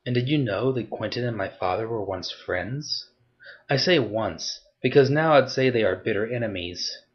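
A man voicing a cold, threatening young woman who interrogates in a soft, low voice. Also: lively intonation, moderate pace, highs cut off, lightly acted. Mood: menacing.

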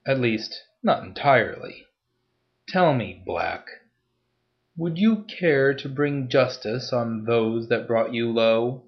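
A man voicing a calm, mysterious masked nobleman who speaks in a formal, measured way. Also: mid-range voice, highs cut off. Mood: cool, persuasive.

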